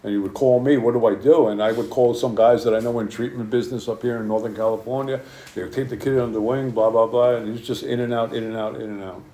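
Dark-voiced man telling a story. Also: medium pitch, steady tone, fast, roomy sound. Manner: conversational and blunt, many fillers. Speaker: speaker at a recovery meeting. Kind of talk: personal storytelling talk to a group.

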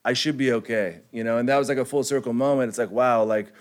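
A man's voice: medium pitch, steady tone, quick pace, smooth. Laid-back young man telling his story. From California, United States. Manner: laid-back slangy storytelling, heavy on "like", chuckling. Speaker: recovery speaker sharing his story. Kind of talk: personal testimony to a group.

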